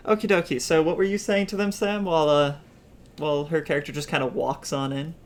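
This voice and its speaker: A man's voice: a little high, fairly even intonation, fairly quick. Chatty, laughing male game master. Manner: chatty, laughs often, loose and rambling. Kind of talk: running a tabletop game over voice chat.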